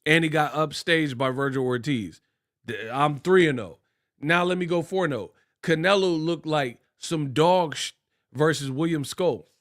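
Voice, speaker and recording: A slangy Bay Area, California guy delivers ranting boxing commentary, animated and mocking, and he mimics voices for quotes. His voice is a little high and his pace a little slow.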